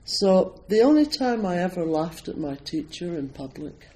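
A man's voice: high voice, very animated, moderate pace, mellow, slight background noise, rough recording. Scottish man giving an easygoing meditation talk. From Scotland. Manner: chatty and self-deprecating, with frequent ums and you-knows and light laughter. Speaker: Zen meditation teacher, priest. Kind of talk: informal talk to an audience.

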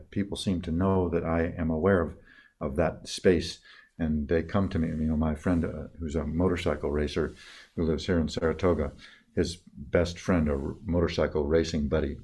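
An older man telling personal stories in a reflective talk, halting with many restarts and trailing off softly at tender moments. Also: very deep voice, little pitch movement, slightly rough. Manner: soft-spoken, dropping quieter on tender moments.

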